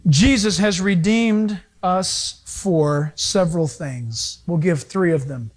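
A male pastor preaching a sermon, animated, acting out little dialogues as he goes. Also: sits high, slow pace.

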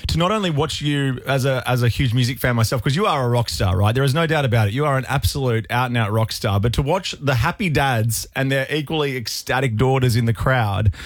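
A man's voice: medium pitch, a little fast, few pauses, dry recording, studio quality. An Australian man hosting a radio interview, enthusiastic and jokey, gushing about the guest. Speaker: radio host.

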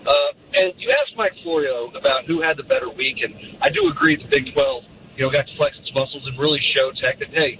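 A male caller who sounds earnest and a bit apologetic as he makes his points. His voice comes through a dull, muffled line. Faint road noise sits behind him. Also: medium pitch. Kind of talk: call-in radio chat.

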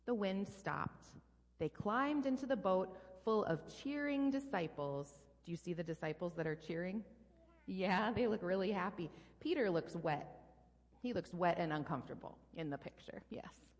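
Female pastor, animated kids' story reading, long hall echo. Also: lowish voice, moderate pace. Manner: animated, playful sound effects for a child. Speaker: pastor leading a children's message. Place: church sanctuary. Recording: long reverb in a large hall.

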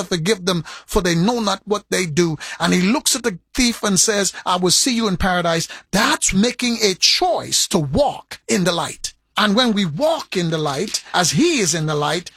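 Male preacher, raspy gravel in the voice, animated delivery that keeps repeating words for emphasis. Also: dry recording. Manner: animated preaching with sharp swings in pitch and pace. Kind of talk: sermon.

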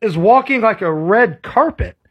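A man's voice: sits high, lively intonation, moderate pace, breathy edge, dry recording, highs cut off. A man co-hosting a radio talk show in a studio, joking around and laughing often. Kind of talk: casual morning radio banter.

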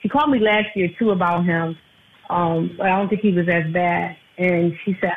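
A woman's voice: fairly low pitch, normal speed, a little hiss or hum. A woman calling into a radio show as an insurance agent guest, talking earnestly and repeating her phone number. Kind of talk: casual radio talk. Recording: tinny phone line.

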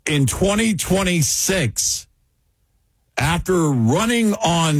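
A man hosting a political talk show, speaking in a frustrated, emphatic way with a husky voice. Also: a little high, sing-song, slow, no echo.

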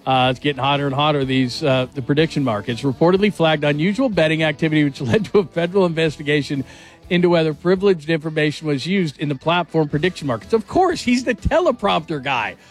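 A man hosting a sports talk radio show, energetic and rambling. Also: fairly high pitch, quick pace, soft background music.

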